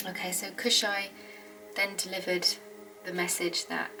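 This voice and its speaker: A woman's voice: on the low side, level tone, a little slow, rough recording. A woman hosting a Bible study, reading old scripture aloud and then commenting in an earnest, heartfelt way as she thinks aloud. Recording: clear background music under the voice.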